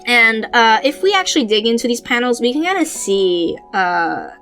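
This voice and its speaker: A woman's voice: mid-range voice, pushed and bright. A woman hosting a podcast, talking through manga panels in a casual, rambling way with many fillers and restarts. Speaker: podcast host. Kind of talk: casual manga analysis chat.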